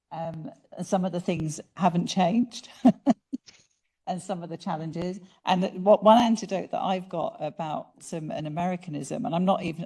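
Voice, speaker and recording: A woman's voice: fairly low pitch, warm tone. Chatty British woman moderating a panel. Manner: chatty, anecdotal, laughs easily. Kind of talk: panel discussion.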